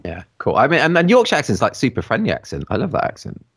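Animated, enthusiastic male podcast host. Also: medium pitch, fast talker, husky. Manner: enthusiastic, effusive. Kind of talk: casual interview chat.

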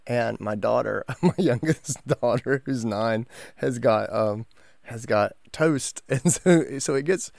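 A man's voice: mid-range voice, slow pace, creaky, no room sound, clean studio sound. A man in his forties, co-hosting a podcast, telling a family story with lots of laughter. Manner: animated storyteller, laughs often. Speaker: podcast co-host. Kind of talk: casual chat.

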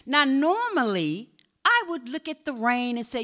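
High bright-voiced preaching woman pastor. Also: very animated, measured pace. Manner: preaching with swings between soft storytelling and shouted exhortation. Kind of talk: sermon.

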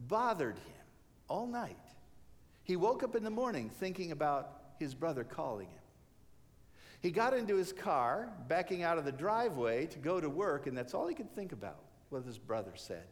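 Animated male preacher in a reverberant hall. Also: a little high. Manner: animated storyteller acting out characters' lines. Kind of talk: sermon storytelling.

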